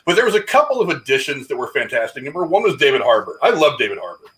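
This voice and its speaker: A man hosting a casual live-stream chat, energetic and rambling, laughing at his own slip-ups. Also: mid-range voice, rapid-fire, low-quality recording. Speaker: podcast host.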